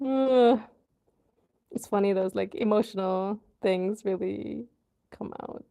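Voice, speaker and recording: A woman hosting a casual livestream, chatting loosely with her viewers and filling pauses with ums and likes. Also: mid-range voice, creaky, warm tone. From USA. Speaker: livestream host. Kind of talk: casual live chat with viewers.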